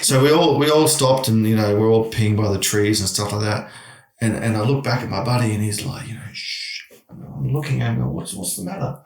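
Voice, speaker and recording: A man's voice: lowish voice, brisk, distant mic. A middle-aged man, telling a long story in casual chat, with many restarts. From Australia. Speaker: guest. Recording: echoey room.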